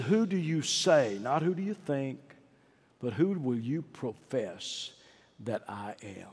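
A man preaching a sermon and leading an altar call, rising to ringing climaxes and dropping to hushed pleading. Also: mid-range voice, breathy edge. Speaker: pastor. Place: large church sanctuary. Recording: long hall reverb.

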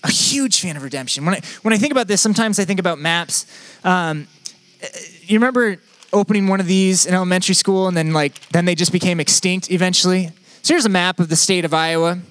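A man's voice: high-pitched, a bit bright, no room sound. A young man preaching a sermon in a conversational, playful, self-deprecating way. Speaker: pastor.

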